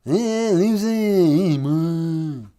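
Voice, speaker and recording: A nasal, mumbling aging folk-rock singer, as a man puts him on, dragging every word out into a lazy half-song. The voice sits noticeably higher than the speaker's own, and the delivery is slow and sloppy on purpose. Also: animated, warm tone, smooth, soft background music. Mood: mocking.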